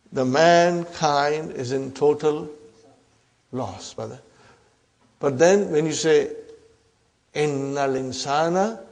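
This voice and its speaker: A man teaching Arabic grammar in a slow, drawn-out lecture, often checking in with his class. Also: fairly high pitch, a little mellow.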